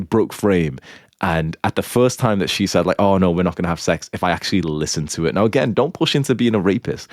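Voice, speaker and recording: A man's voice: low voice, dry recording, clean studio sound. A young man with a blunt, crude manner, rambling through a casual monologue as a dating coach, filling his talk with "like". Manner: rambling, heavy use of "like".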